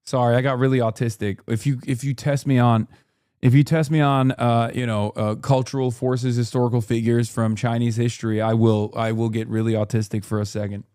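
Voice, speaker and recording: A man hosting a live stream, reacting in casual, animated commentary with swearing and quick jokey asides. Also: mid-range voice, smooth, no echo, clean studio sound. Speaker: streamer host.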